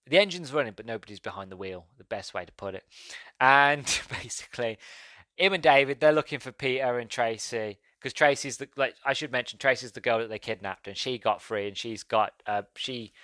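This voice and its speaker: A man's voice: on the low side, pushed and bright, no echo. A young man hosting a podcast, chatting casually as he reviews a film, rambling and correcting himself as he goes. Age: young adult. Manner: rambling, self-correcting, laughs as he recounts scenes.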